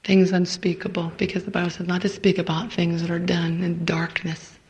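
A middle-aged woman preaching an emotional sermon to a women's retreat, fervent and stammering, dropping into hushed near-whispers. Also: fairly low pitch, level tone, moderate pace, poor audio.

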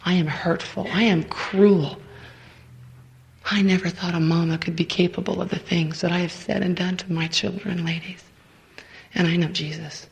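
A middle-aged woman preaching an emotional sermon to a women's retreat, fervent and stammering, dropping into hushed near-whispers. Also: fairly low pitch, steady tone, normal speed, vocal fry, rough recording.

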